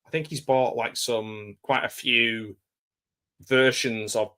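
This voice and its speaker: Guest: man, soft South Manchester accent, bright voice, rambling and jokey. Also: mid-range voice, steady tone, slow. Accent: South Manchester English. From England. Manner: chatty, jokey, rambling with restarts. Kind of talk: casual video-call chat.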